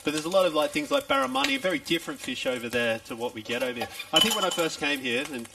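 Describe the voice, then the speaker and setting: A man's voice: sits high, sing-song, racing, creaky, recorded from a distance, background noise. A middle-aged man from Australia with an Australian accent, chatting through a live cooking demonstration at a festival tent and poking fun at himself. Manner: chatty, self-deprecating, asks his co-chef questions. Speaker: chef.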